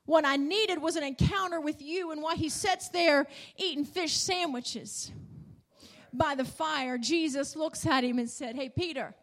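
Woman preacher, high voice, emphatic sermon delivery with rising and falling emphasis. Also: a little slow, fairly bright tone. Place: church in front of a congregation.

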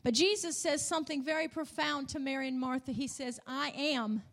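Woman preacher, high voice, emphatic sermon delivery with rising and falling emphasis. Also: a little fast, a bit bright. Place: church in front of a congregation.

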